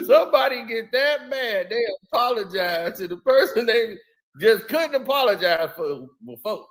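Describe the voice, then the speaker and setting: High-voiced, animated man on a live stream. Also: unhurried. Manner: animated, laughing often, slangy. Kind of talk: casual live stream chat.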